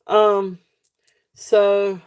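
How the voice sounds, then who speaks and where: A woman's voice: mid-range voice, monotone, drawn-out words, a little mellow, smooth. A woman with a Southern accent hosting a live jewelry sale, chatting casually and rambling off on tangents, laughing often. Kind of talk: casual live-stream selling chat.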